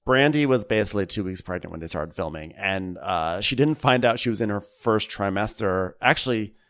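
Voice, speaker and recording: A man co-hosting a comedy podcast, telling gossip stories in an animated way. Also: fairly low pitch, fairly quick. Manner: animated storytelling. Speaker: podcast co-host.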